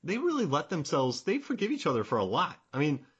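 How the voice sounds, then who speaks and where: Male co-host, husky, lively pitch, laughs a lot, casual film chat. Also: brisk, lo-fi sound. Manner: animated, laughs often, quotes scenes in funny voices.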